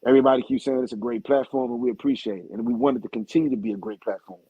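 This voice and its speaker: A man's voice: medium pitch, fairly even intonation, racing, slightly rough, no echo. A man hosting a live video-call group talk, speaking bluntly and emphatically with a lot of cursing. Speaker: group admin and host. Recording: dull lo-fi stream audio.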